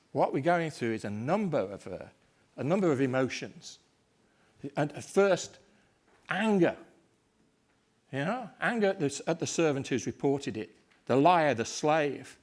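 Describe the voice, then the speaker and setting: Animated male Shakespeare lecturer. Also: medium pitch. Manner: animated, half-acting the lines he explains. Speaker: Shakespeare scholar and speaker. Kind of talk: lecture talk.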